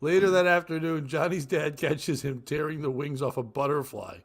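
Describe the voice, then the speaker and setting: A man co-hosting a comedy podcast, reading crude jokes aloud and breaking into loud laughter. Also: on the high side, normal speed, hardly any pauses. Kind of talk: casual comedy podcast chat.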